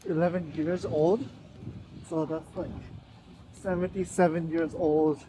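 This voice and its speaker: A young man streaming outdoors, joking and teasing in casual chat and breaking into high laughter. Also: steady tone, unhurried, a little hiss or hum, rough recording.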